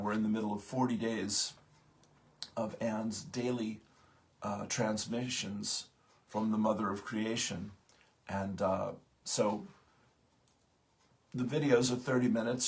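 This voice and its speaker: A man hosting a morning spiritual talk, speaking haltingly with many pauses and fillers, just out of bed. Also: fairly low pitch, vocal fry. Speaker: host of a morning spiritual program.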